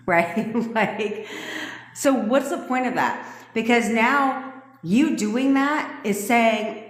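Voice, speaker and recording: A woman's voice: on the high side, very slow. A woman coaching manifestation on a phone livestream, ranting in a blunt, profane way. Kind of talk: livestream rant. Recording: echoey room with long reverb.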